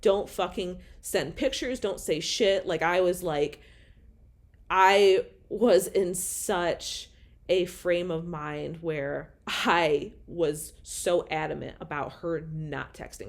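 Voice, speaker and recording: A woman's voice: on the low side, fairly even intonation, takes it slowly, creaky. A young woman telling a personal story in a casual, candid monologue. She is emotional and swears often.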